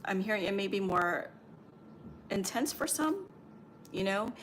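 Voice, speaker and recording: A woman's voice: medium pitch, expressive, a little slow, slight background noise. A woman who works as a spiritual medium and Reiki healer, passing on channeled messages in a meandering, reassuring livestream talk full of fillers.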